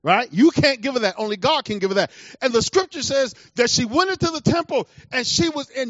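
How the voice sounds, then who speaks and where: Animated high-voiced male preacher. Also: a little fast, few pauses, dry recording. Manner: animated preaching, acting out scripture voices, laughing asides. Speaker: pastor. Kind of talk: sermon. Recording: dull lo-fi sound.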